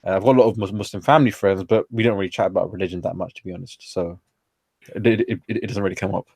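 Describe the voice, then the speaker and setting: Chatty man with a low voice. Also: steady tone, rapid-fire, vocal fry, darkish tone, breathy edge, dry recording, studio quality. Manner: chatty, informal, peppered with slang and fillers. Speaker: guest. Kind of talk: casual storytelling conversation.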